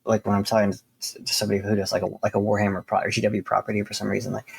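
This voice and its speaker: A man's voice: lowish voice, monotone, racing, gravelly, breathy edge. A man co-hosting a casual podcast interview, rambling loosely and circling back on his points. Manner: rambling, full of fillers and restarts.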